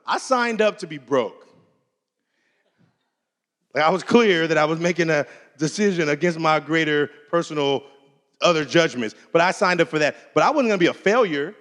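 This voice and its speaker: His pitch fairly high and his pace moderate, the keynote speaker relates a personal anecdote in a relaxed, conversational style. Animated throughout, he performs the dialogue in different voices while the hall adds a long reverb.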